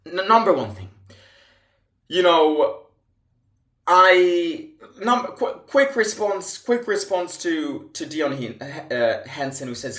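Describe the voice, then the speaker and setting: A man's voice: fairly high pitch, slow, pushed and bright. A man hosting a football fan channel, delivering an impassioned commentary rant full of emphatic rhetorical questions and frequent restarts. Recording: echoey room.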